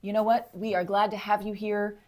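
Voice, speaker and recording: A woman co-hosting a live chat show, laughing easily and reading viewer comments aloud. She talks in a relaxed, joking way with her co-host. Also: medium pitch, brisk. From Texas. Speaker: podcast co-host. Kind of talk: casual live-stream chat.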